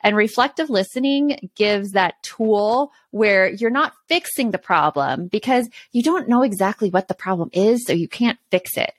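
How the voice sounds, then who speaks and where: A woman's voice: medium pitch, expressive, moderate pace, hardly any pauses, no echo. A woman co-hosting a casual parenting chat, earnestly explaining tips and laughing easily. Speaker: podcast co-host.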